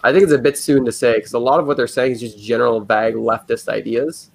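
A man's voice: medium pitch, steady tone, quick pace, vocal fry. A man chatting casually about politics as a guest, rambling and hesitant, with many fillers and restarts. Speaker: guest commentator.

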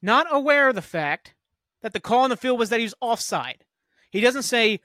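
A man's voice: high-pitched, lively intonation, pushed and bright, no room sound, clean studio sound. A man hosting a sports talk podcast, ranting angrily and profanely about refereeing. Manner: profane, heated, fast-talking rant. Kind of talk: angry ranting commentary.

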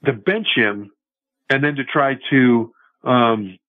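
A man calling in as a football analyst guest, giving measured, confident analysis over the phone. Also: mid-range voice, no room sound. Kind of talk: phone-in sports talk. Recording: tinny phone line, dry.

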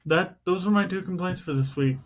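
A man's voice: sits high, fairly quick. Man co-host, casual comic rant, exaggerated outrage, dull lo-fi recording. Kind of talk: casual complaint chat. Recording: dull lo-fi sound.

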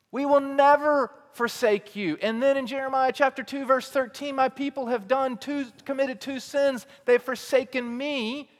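A man preaching as a teaching pastor. He swings between quiet, low emphasis and loud, raised declarations, and he asks a lot of rhetorical questions. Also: big-room sound. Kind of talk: sermon.

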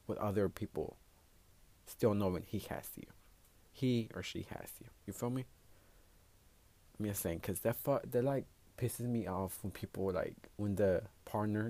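In a casual solo podcast monologue, a blunt, foul-mouthed host speaks with a fairly low, warm voice and no echo. He's profane and direct, switching between English and Spanish.

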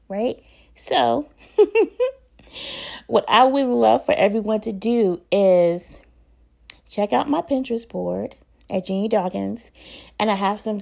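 A woman with a gravelly, fry-tinged voice at a middle pitch, talking casually about raising children. She speaks like a mother sharing advice to camera, loose and conversational. Her phrasing is full of little fillers and restarts. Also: a little mellow. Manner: conversational, with frequent fillers and self-corrections. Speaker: parenting advice host.

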